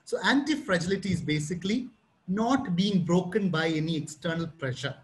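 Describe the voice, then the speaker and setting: A man's voice: high voice, lively intonation, a little fast, slight background noise, rough recording. A man from Kerala, India, speaking as a pastor at an online youth Bible study, chatty, acting out both sides of a phone conversation while telling a story.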